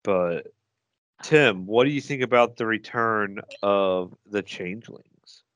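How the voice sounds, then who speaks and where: Low-voiced opinionated podcast man. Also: slow pace, a bit bright, clean tone, dry recording. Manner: opinionated, chatty. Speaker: podcast co-host. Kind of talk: casual chat.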